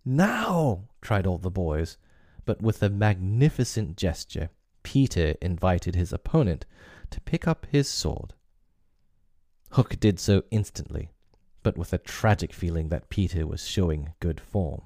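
Deep-voiced man narrating a classic storybook. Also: animated, a little slow, mellow, no room sound, studio quality.

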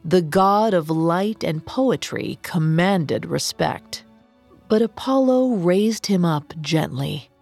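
A woman narrating a myth in measured, dramatic scripted storytelling. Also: on the low side, lively intonation, gravelly, darkish tone, faint music behind.

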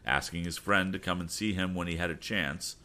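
A man reading a storybook aloud, animated and sometimes stumbling over words. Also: low voice, brisk. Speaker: audiobook reader. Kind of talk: storybook narration.

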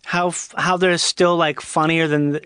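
A man who is a comedian, telling school stories in a loose, animated chat and laughing often. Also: fairly high pitch, normal speed, clear, resonant tone, dry recording. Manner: animated, laughing, does goofy voices in anecdotes. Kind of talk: casual chat.

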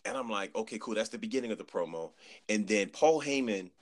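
A man chatting on a podcast, telling an animated story, acting out quotes and repeating words as he goes. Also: lowish voice, a little fast. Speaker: podcast guest. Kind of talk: casual chat.

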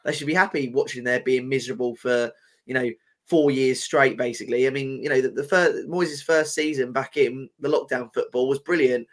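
A man's voice: mid-range voice, brisk. A man from England co-hosting a casual football podcast, ranting as a frustrated fan and swearing. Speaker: podcast co-host.

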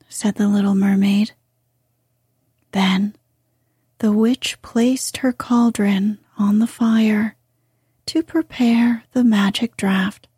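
A woman reading a fairy tale aloud in a soft, hushed whisper. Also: mid-range voice, slightly rough, no echo, studio quality.

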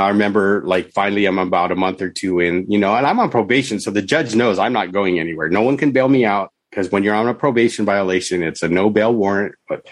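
A middle-aged man, a podcast guest who is an author and counselor, tells his own story in conversation, candid and rambling, sprinkling in many "you know" and "right?" asides. His voice is lowish, and the recording is dry.

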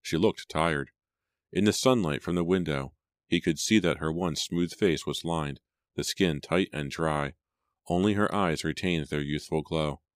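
A man narrates an audiobook in a steady, measured way. His voice is extremely deep, and the recording is dry and close to the mic. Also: no room sound. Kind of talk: scripted narration.

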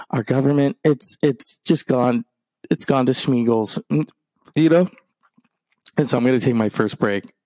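A man's voice: medium pitch, a little mellow, no echo. Man rambling through a podcast monologue. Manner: rambling anecdotal storytelling. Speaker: podcast host. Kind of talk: casual monologue.

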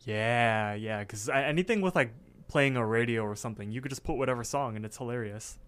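A man's voice: medium pitch, fairly quick, fairly bright tone, clean tone. A man co-hosting a casual podcast, retelling cartoon scenes with lots of fillers. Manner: recaps scenes with many fillers. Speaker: podcast co-host.

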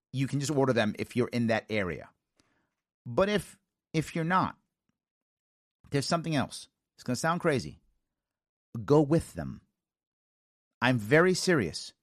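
An American man in his forties hosting a talk show, telling stories in an animated way, acting out quoted lines and giggling now and then. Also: mid-range voice, dry recording, studio quality. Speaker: radio talk show host. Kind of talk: casual talk show monologue.

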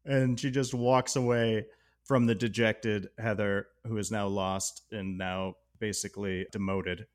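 A man's voice: on the low side, fairly even intonation, measured pace. A man co-hosting a podcast, talking casually and enthusiastically about a movie, laughing often. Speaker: podcast co-host. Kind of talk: casual film discussion.

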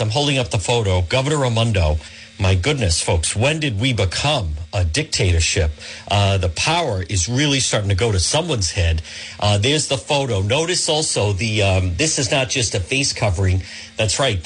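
A man's voice: medium pitch, fairly bright tone. A man hosting a talk radio show from a studio, rambling in a chatty way and often calling his listeners "folks.".

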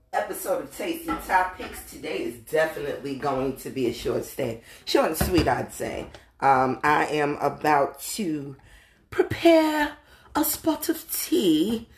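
A woman putting on a playful mock-posh British lady voice, speaking slow and deliberate. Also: low-pitched, roomy sound, a little hiss or hum, full character voice. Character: prim British tea-loving lady, adult woman.

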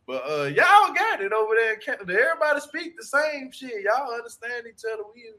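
A man's voice: extremely high pitch, big pitch swings, brisk, pushed and bright. A man from Louisiana with a Shreveport accent, chatting casually, laughing often and swearing freely. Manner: laughs often, loose and profane. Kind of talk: casual chat.

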